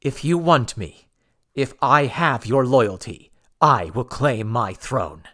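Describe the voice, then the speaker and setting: A man voicing a bold, commanding young man who claims a throne, speaking forcefully in an audiobook reading. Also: mid-range voice, expressive, slow pace. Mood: solemn address. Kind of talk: audiobook character voice.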